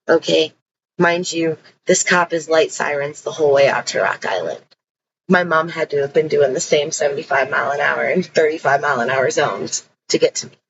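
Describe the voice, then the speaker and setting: A woman's voice: low voice, normal speed, highs cut off, slight background noise. A woman telling her own story in a casual, blunt and emphatic way, swearing freely.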